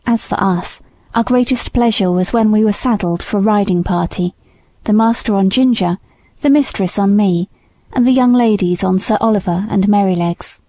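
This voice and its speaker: Brief: woman audiobook narrator, warm mellow tone, dry close sound, steady gentle delivery. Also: medium pitch, moderate pace, no room sound. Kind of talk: scripted narration.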